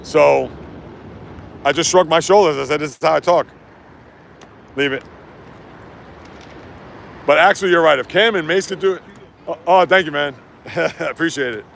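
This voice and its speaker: A man hosting a casual sports livestream outdoors while walking, ranting and reading chat comments in an animated way. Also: fairly high pitch, moderate pace, gravelly, long pauses, slight background noise.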